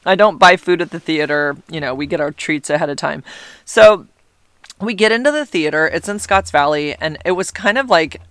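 A woman's voice: low-pitched, lively intonation, moderate pace, a bit bright, smooth, no room sound, clean studio sound. A middle-aged woman hosting her own podcast, chatting casually and rambling with lots of fillers and restarts. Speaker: podcast host. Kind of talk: casual solo podcast chat.

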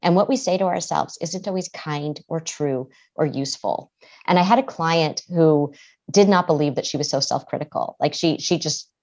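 A woman's voice: deep voice, normal speed, darkish tone. A middle-aged woman, a therapist and author, speaking earnestly as a guest in a podcast interview. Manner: earnest, acts out quoted voices.

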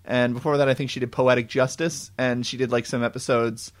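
A man co-hosting a casual movie chat, retelling the plot in an animated way with lots of fillers. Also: medium pitch, brisk. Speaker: podcast co-host.

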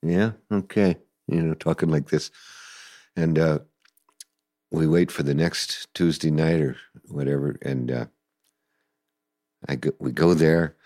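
An older man telling stories in a casual interview, animated and acting out voices and sounds. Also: rumbling low, takes it slowly, pauses often, no room sound, clean studio sound. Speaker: guest musician recalling the past.

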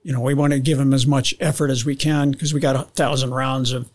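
A man's voice: mid-range voice, little pitch movement, fast, a little mellow. An older man, a guest on an interview show, telling a long story with restarts and acting out radio calls. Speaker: guest, veteran pilot.

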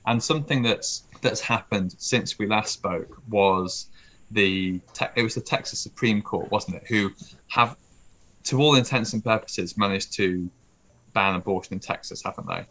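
A man with a somewhat low voice hosts a casual podcast. He asks questions and makes segues in a wry, dry way. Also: moderate pace, bright, forceful tone. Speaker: podcast host.

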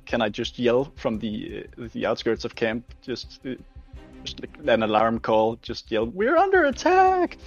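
A man's voice: medium pitch, flat delivery, normal speed, gravelly, slightly rough, lo-fi sound, faint music behind. A man playing a tabletop game, hesitant and stammering. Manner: hesitant, stammering, bursts into loud in-character yells. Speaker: player. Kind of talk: casual tabletop play.

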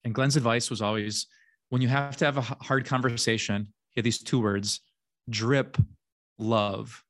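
A man's voice: mid-range voice, steady tone, moderate pace. A man in his forties, a pastor hosting a podcast, talking earnestly and laughing easily. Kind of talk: casual faith podcast chat.

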